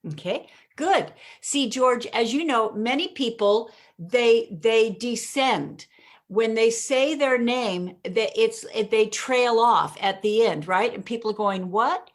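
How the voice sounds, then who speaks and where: A woman's voice: a little high, animated. Emphatic woman coaching in punchy phrases. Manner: emphatic, deliberate punchy delivery with pauses; often addresses the host by name. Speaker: guest speaker and communication coach. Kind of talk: podcast interview, coaching explanation.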